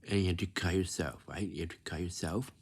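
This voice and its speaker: A man's voice: deep voice, quick pace, breathy edge. A man talking casually in a rambling way, repeating himself and coaxing his listener with questions. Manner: repetitive, coaxing questions with many restarts.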